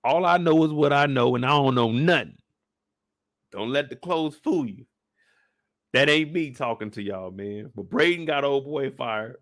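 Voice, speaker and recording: A man hosting a casual, joking recap of a TV episode, animated and profane. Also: medium pitch, normal speed, no room sound, clean studio sound. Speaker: YouTube show recap host. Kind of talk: casual comedic commentary.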